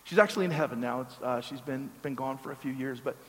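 A man's voice: medium pitch, fast. A man preaching as a pastor, telling a story conversationally with joking asides and repeated words. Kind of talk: storytelling sermon. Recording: long reverb of a large hall.

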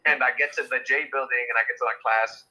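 A man's voice: medium pitch, sharp tone, low-quality recording. A young man telling a rambling story in casual, slangy chat, swearing freely and laughing often.

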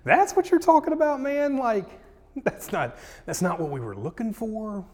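Man doing a skeptical grumbler, sarcastic, slangy, pitched up high, echoey hall. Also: sing-song, moderate pace, husky. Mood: dismissive. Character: grumbling skeptical male listener, dismissive.

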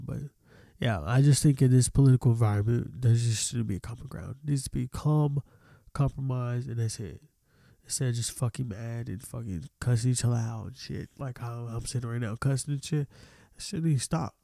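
A man's voice: mid-range voice, gravelly, mellow, no room sound. Male podcast host, solo rant, profane and heated, dry close sound. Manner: profane, heated venting with restarts.

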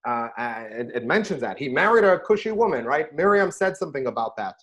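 A middle-aged man, a rabbi, chatting casually about scripture and telling stories with lively bursts when he quotes himself. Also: fairly high pitch, a little fast. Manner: animated storyteller, rises sharply when quoting himself. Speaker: rabbi and podcast host. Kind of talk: casual Torah discussion and storytelling.

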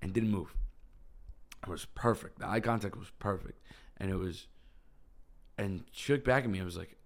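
A young male vlogger with a low-pitched voice tells a personal story to camera at normal speed. He's casual and rambling, using "like" constantly.

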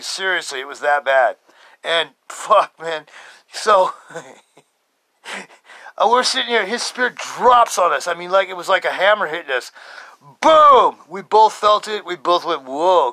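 Excitable fifty-something man telling a story. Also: high-pitched, no room sound. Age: 50s. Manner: excitable, swearing, laughing often. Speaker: podcast host. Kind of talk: casual storytelling monologue.

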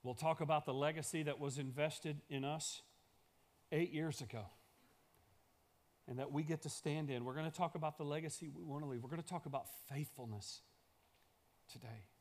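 A man's voice: on the high side, moderate pace, long pauses. A male pastor delivering a sermon in a church, building emphasis through repeated phrases.

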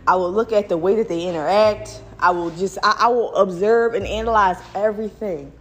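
A young adult woman, a mother, ranting casually to her viewers in an animated, slangy way, with lots of restarts. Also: medium pitch, brisk. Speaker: mom vlogger.

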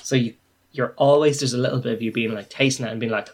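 A man's voice: medium pitch, steady tone, fast. A man, co-hosting a podcast and talking animatedly, acting out his own reactions. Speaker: podcast co-host. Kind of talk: casual chat.

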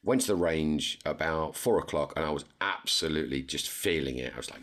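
Deep-voiced man telling a story. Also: moderate pace. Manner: animated, jumps to high pitch when quoting others. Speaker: podcast co-host. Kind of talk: casual storytelling chat.

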